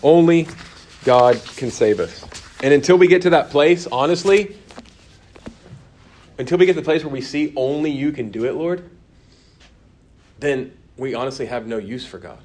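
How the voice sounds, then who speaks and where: A man's voice: mid-range voice, moderate pace, pauses often. Man teaching a Bible class. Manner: conversational, answers class comments, drops to quiet emphasis. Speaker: church course teacher. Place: church classroom.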